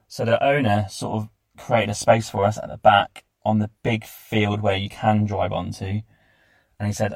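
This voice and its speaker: A man's voice: fairly low pitch, little pitch movement, normal speed, gravelly, no room sound. A man hosting a travel podcast, telling his trip in a chatty, enthusiastic way. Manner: chatty, enthusiastic recounting with lists. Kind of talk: casual travel diary narration.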